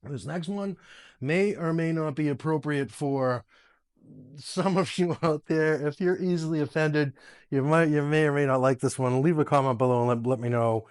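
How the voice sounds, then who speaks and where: A man hosting a casual tech video, chatty and quick to laugh, giving voice commands to smart speakers at home. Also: fairly high pitch, smooth. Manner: chatty, laughs often, restarts phrases.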